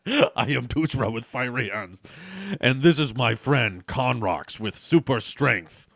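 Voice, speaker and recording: A solemn young hero with fiery hands, read out by a man speaks in slow, plain declarations. The voice has a gravelly edge and a dry, close sound. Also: medium pitch, lively intonation, a bit bright, no echo, heavily acted.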